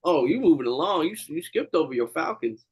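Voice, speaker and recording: A man's voice: a little high, sing-song, brisk, slightly rough, rough recording. A man co-hosting a casual sports betting chat, reasoning through his picks in a laid-back, rambling way. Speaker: podcast co-host.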